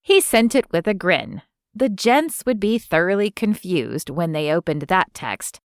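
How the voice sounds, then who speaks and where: Woman reading a romance audiobook, smooth and even, dead dry recording. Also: fairly low pitch, a little slow, no room sound. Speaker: audiobook narrator. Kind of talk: scripted narration.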